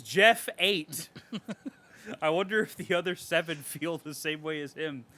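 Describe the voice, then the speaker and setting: A man co-hosting a horror podcast, reading reviews aloud with animated, sarcastic commentary and frequent swearing. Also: a little high, a little slow. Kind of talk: casual podcast chat.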